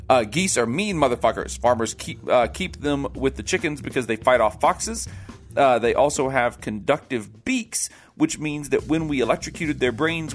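A man co-hosting a comedy podcast, reading a listener's email aloud in a matter-of-fact way. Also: mid-range voice.

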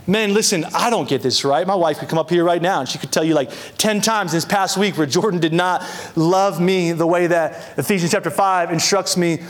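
A young adult man preaching a sermon as pastor, emphatic, drawing out key phrases and repeating words, acting out quoted lines. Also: high voice. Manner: acts out voices in quoted prayers and asides.

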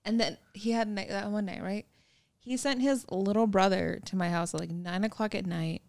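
A woman's voice: mid-range voice, moderate pace, gravelly, no room sound. A young woman co-hosting a casual podcast, recounting a story candidly and profanely. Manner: candid, profane, animated retelling.

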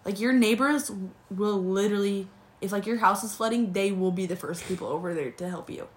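A woman's voice: medium pitch, brisk. Young woman from Utah, playful, chatty podcast co-host. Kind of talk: casual chat.

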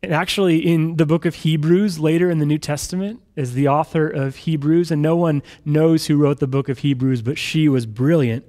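A man preaching a sermon in a conversational, animated storytelling manner. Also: on the high side, moderate pace, few pauses. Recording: hall reverb.

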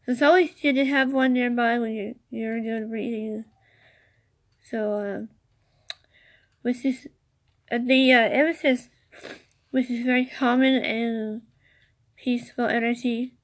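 A woman hosting a casual solo podcast, reading out notes haltingly with many fillers and cheerful asides. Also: fairly high pitch, steady tone. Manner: enthusiastic, chatty asides. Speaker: podcast host.

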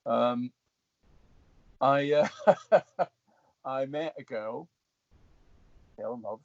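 A man's voice: mid-range voice, extremely slow, dry recording. Middle-aged scottish guy rambling through stories, lots of restarts, dry muffled sound. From Scotland. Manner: animated, rambling with many restarts. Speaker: guest actor. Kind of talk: casual storytelling interview.

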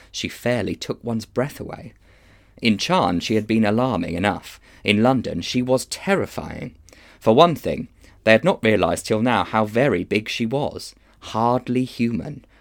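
A man reading a children's novel aloud in an expressive storytelling manner. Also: on the low side, creaky. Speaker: children's book reader.

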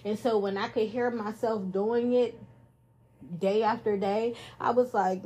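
Jokey husky woman chatting on a podcast. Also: mid-range voice, fairly even intonation, slow pace, dark tone. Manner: playful, jokey, self-praising. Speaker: podcast host. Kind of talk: casual chat. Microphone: studio microphone.

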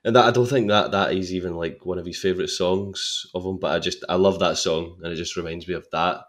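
A man talks about a favourite film on a podcast, eager and tripping over his words as he restarts his sentences. His voice sits a little lower than most men's. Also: fairly even intonation, brisk, a bit bright. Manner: enthusiastic, with many restarts and repeated words. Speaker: actor, podcast guest. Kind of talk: casual film-discussion chat.

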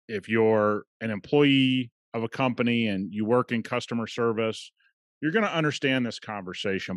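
A man's voice: mid-range voice, fairly bright tone, dry recording, studio quality. A man hosting a podcast, telling a story in a conversational, emphatic way. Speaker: podcast host. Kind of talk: casual podcast monologue.

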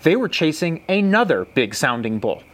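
An animated young man tells a story on a podcast. His voice swoops widely and sits a little high for a man. He breaks into animal calls as he talks. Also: moderate pace. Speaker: podcast co-host. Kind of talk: casual storytelling.

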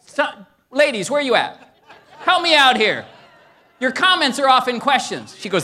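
Lively, excitable middle-aged male preacher. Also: very high voice, moderate pace. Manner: preaches with rising excitement, shouting at peaks; tells stories about his wife with humor. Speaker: pastor. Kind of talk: sermon.

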